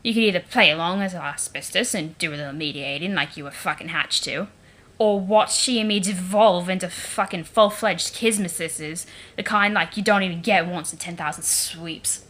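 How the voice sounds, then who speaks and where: A woman voicing an arrogant, foul-mouthed young male troll prince in a deliberately mangled British accent, vaguely Liverpool or Cockney. He swaggers and sneers, and he swears a lot. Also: fairly low pitch, fairly bright tone. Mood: sneering.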